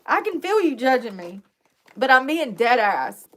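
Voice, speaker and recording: A woman's voice: sits high, sing-song, a little slow. A young woman chatting casually with viewers while doing her makeup, joking and confessional, laughing often. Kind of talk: casual live-stream chat.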